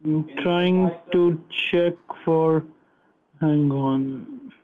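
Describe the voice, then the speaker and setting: High-voiced man over a tinny phone line. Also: steady tone, very slow. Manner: persistent, repeats scripted instructions. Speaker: phone scammer.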